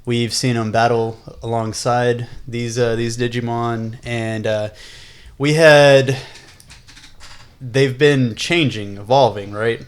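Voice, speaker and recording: A man's voice: mid-range voice, steady tone, slow, smooth. A man co-hosting a casual podcast, recapping episodes in a rambling, self-correcting way with frequent laughs. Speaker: podcast co-host.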